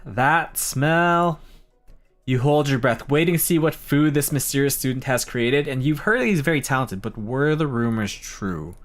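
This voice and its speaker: A man chatting casually while reading a game aloud on stream, goofy and self-deprecating with slangy asides. His pitch moves a lot, and faint music plays behind him. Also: animated, normal speed, hardly any pauses.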